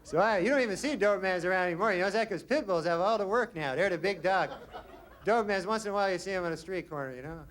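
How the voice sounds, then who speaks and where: A man doing stand-up comedy with a deadpan, rambling delivery. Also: high-pitched, rapid-fire. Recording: noisy live stand-up recording.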